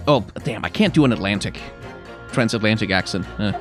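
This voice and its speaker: A man's voice: on the low side, expressive, brisk, faint music behind. A man playing through a game, joking and mocking his own attempts at voices. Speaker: let's play host. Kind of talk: casual game commentary.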